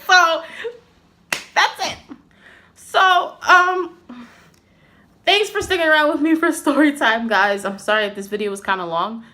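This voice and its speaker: For her vlog, a young woman chats through a casual storytime, swinging animatedly between exasperation and laughter. Her bright, forward voice sits a little high for a woman, and her speech is packed with fillers, especially "like" and "literally."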